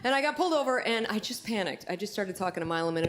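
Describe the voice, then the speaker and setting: A woman stand-up comedian performing a set, telling chatty, animated stories. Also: medium pitch, racing, heavy background noise.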